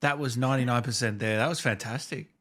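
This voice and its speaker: A man with a mid-range voice, hosting a casual podcast interview. He asks eager, quick questions and laughs along. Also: mid-range voice, fairly bright tone. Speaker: podcast host.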